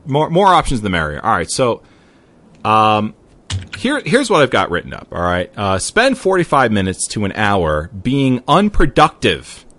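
A man hosting a casual gaming podcast, chatty and easily excited, with loose mild swearing. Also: on the low side, moderate pace. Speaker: podcast host.

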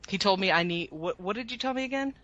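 A woman's voice: mid-range voice, animated, fast talker, fairly bright tone, lo-fi sound. A woman co-hosting a gaming podcast, chatty and laughing, thinking aloud as she gives advice. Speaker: podcast co-host. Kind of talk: casual chat.

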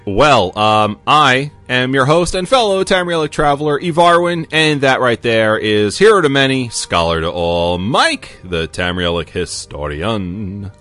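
A man's voice: mid-range voice, lively intonation, measured pace, few pauses, pushed and bright, faint music behind. A man hosting a casual gaming podcast, with playful radio-style intros. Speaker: podcast host.

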